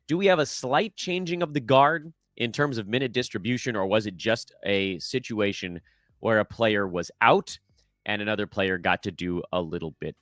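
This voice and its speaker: A man's voice: lowish voice, bright, forceful tone, no echo, clean studio sound. A middle-aged man hosting a casual sports podcast, talking in a wry, self-deprecating, chatty way with frequent fillers. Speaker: podcast host. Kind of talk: casual fantasy basketball podcast.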